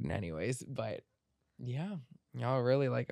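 A low-middle voiced podcast host chatting in a studio. The talk rambles playfully, packed with "like" fillers. The sound is dry and close. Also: expressive, a little slow, gravelly, no echo. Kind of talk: casual chat.

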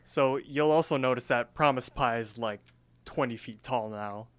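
A man co-hosting a podcast, chatting casually as he recaps a cartoon episode and jumps into quick character voices for the lines he quotes. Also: mid-range voice, smooth. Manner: animated retelling that acts out the characters' lines. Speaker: podcast co-host.

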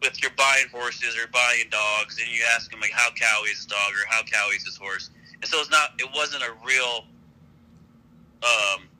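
A man's voice: mid-range voice, unhurried, pushed and bright, rough recording. A man guesting on a podcast, telling stories in a laid-back, rambling way. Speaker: podcast guest, brand founder. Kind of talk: casual interview storytelling.

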